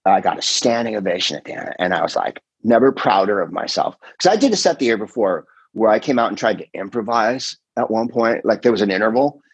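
A middle-aged man, a comedian and podcast host, chatting casually in a rambling, animated way, full of quoted voices and swearing. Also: fairly low pitch, brisk, few pauses, husky, no room sound, rough recording. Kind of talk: casual chat.

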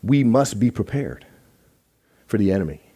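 Earnest male church teacher, emphatic sermon delivery, warm tone. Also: fairly low pitch, big pitch swings, moderate pace, breathy edge.

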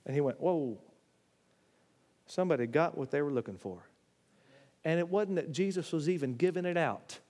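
A man preaching a sermon in a church, animated, swinging between loud, high exclamations and low, quiet asides. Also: brisk. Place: church sanctuary. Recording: long hall reverb.

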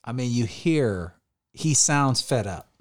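A man co-hosting a podcast, talking in an animated, opinionated way with lots of "like"s. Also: medium pitch, takes it slowly. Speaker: podcast co-host. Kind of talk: casual chat.

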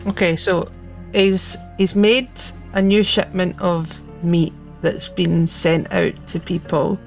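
A woman playing a tabletop game, recapping clues in a halting, casual way. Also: fairly low pitch, steady tone, vocal fry, faint music behind. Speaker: player.

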